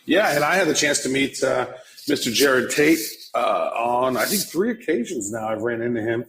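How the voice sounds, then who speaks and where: A man's voice: mid-range voice, lively intonation, normal speed, fairly bright tone, a little hiss or hum, low-quality recording. A man co-hosting a casual podcast, teasing his partner and joking about himself. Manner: self-mocking, playful teasing. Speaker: podcast co-host.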